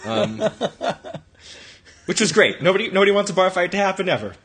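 A man's voice: high voice, very animated, a little fast, fairly bright tone, a little hiss or hum. A man co-hosting a podcast, telling a rambling, profane anecdote in casual chat. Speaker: podcast co-host.

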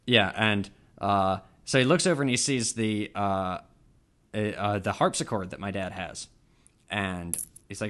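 A man's voice: fairly low pitch, animated, moderate pace, fairly bright tone. A man co-hosting a casual podcast, telling a story in a rambling way full of uhs, restarts and laughs. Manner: rambling, self-interrupting with many uhs and laughs. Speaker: podcast co-host.

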